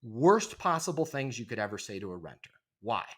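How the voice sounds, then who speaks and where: A man's voice: medium pitch, sing-song, brisk, a bit bright. A middle-aged man, a guest on a podcast interview, talking emphatically and acting out phone greetings in quoted voices. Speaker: leasing trainer, podcast guest. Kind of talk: energetic podcast interview talk.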